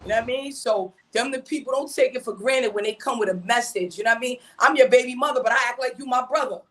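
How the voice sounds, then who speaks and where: A mother chatting on a podcast, animated and emphatic, full of slang and repeating "you know what I mean". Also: fairly high pitch, fast talker. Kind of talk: casual podcast chat.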